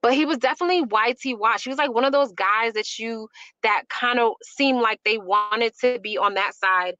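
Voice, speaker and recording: A woman's voice: on the high side, moderate pace, pushed and bright, dry recording, highs cut off. A woman from Chicago hosting an opinionated commentary show, emphatic and rambling with lots of fillers. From Chicago, USA. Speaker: host.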